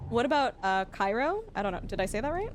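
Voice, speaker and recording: A young Canadian woman chats casually with her stream while gaming, her voice on the high side and sing-song as she talks fast. She laughs a lot and keeps checking how she pronounces place names, all against a noisy background.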